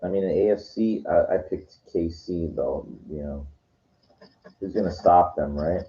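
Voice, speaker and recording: Deep-voiced man rambling casually. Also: unhurried, mellow. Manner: meandering, heavy on "you know" and "like", frequent restarts. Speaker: weekend vlogger. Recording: dull lo-fi recording.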